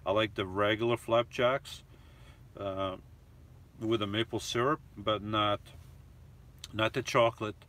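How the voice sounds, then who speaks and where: A man's voice: lowish voice, steady tone, a little slow, long pauses, fairly bright tone. Rambling man chatting with live viewers. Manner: chatty and rambling, reacts to each comment. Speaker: live stream host. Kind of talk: casual live chat, reading viewer comments aloud. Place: inside a camper van.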